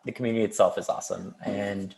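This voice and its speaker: A man, a festival organizer, chatting casually on a video call with a relaxed, rambling manner and frequent laughs. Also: fairly low pitch, fast talker, gravelly.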